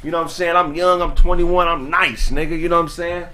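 A man's voice: a little high, fast. A man from Los Angeles in his thirties hosting a podcast, telling a funny story in casual chat and acting out the people in it. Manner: animated storyteller, acts out voices of people in the story. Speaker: podcast host.

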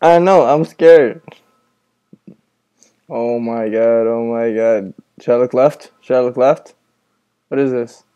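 A man talks into a headset from his room at night as he reacts to a horror game. His voice is mellow and rounded, sitting at an average pitch. He sounds jumpy and nervous, swears a lot, and keeps talking to the friend he is playing with. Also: flat delivery, measured pace, smooth, lo-fi sound. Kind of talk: casual gaming commentary. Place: room at home with the lights on, at night.

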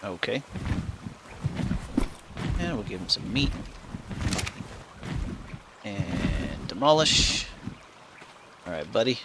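A man's voice: on the low side, expressive, extremely slow, long pauses. A man hosting a gaming channel, giving casual let's-play commentary and cooing baby talk at the animals he tames. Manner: chatty, coos baby talk at his pets. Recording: clear background noise with game sounds.

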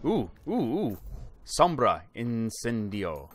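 A man giving excited, chatty commentary while opening game loot boxes, exclaiming loudly at good items and talking to his viewers. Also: mid-range voice, slow pace, over music. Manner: chatty, addresses viewers as guys. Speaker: gaming YouTuber.

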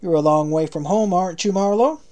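A man's voice: high voice, fairly quick, darkish tone, voice pushed up, lightly acted. A man voicing a stern lieutenant who speaks in curt, clipped lines. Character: stern male lieutenant, curt camp officer.

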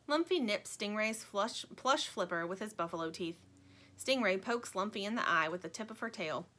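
A woman narrating a children's book in an expressive, playful storytelling manner. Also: mid-range voice, moderate pace. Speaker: audiobook narrator.

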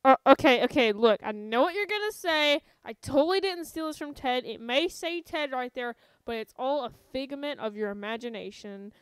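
A woman doing comedic YouTube commentary, jokey and sarcastic, jumping between loud asides and quiet ones. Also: high-pitched, animated, normal speed, few pauses, clean tone, dry recording, soft background music, rough recording.

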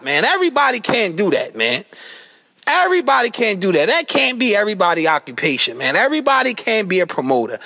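A man delivering a profane, exasperated comedic rant that swings into yelling. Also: very high voice, a little fast, vocal fry. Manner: animated, exasperated, swearing constantly, breaks into yelling. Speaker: comedic rapper doing an outro skit.

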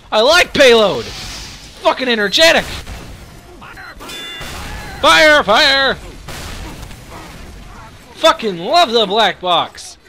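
A young man hosting his own channel, giving excitable, profanity-laden live commentary while playing a game. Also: high-pitched, slight background noise. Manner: excitable, swears a lot, reacts loudly. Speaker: gaming channel host.

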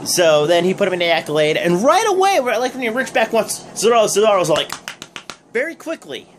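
A man's voice: sits high, sing-song, a little fast. A young man hosting a wrestling review vlog, recapping casually in a rambling, joking way with lots of fillers. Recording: noisy background hum.

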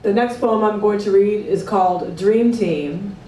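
A woman giving a live reading of her own poems, in a plain and measured way. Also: medium pitch, mellow, slight background noise. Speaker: poet reading her work. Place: event hall at a book party. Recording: echoey room from far off. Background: live music playing.

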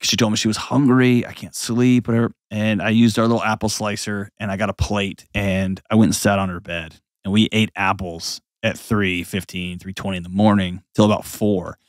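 With a fairly low pitch and a moderate pace, a man hosts an advice show, barely pausing as he talks. The studio recording is clean with no echo, and his blunt, animated advice is peppered with mocking voices mid-sentence.

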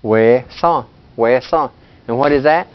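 A man teaching a language class, talking in a relaxed, chatty way and laughing often. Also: medium pitch, unhurried, clean tone, muffled recording. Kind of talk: classroom lesson.

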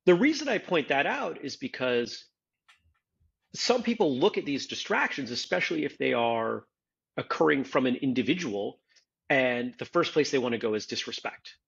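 A man's voice: mid-range voice, very animated, moderate pace, gravelly, a bit bright, husky, dull audio. A man hosting a casual podcast discussion, explaining his points earnestly and step by step. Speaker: podcast host, martial arts instructor.

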